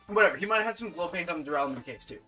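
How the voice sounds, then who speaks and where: A woman streaming a story game from home, reading its text aloud and thinking out loud between laughs. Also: lowish voice, expressive, very fast, rough recording. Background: faint game music.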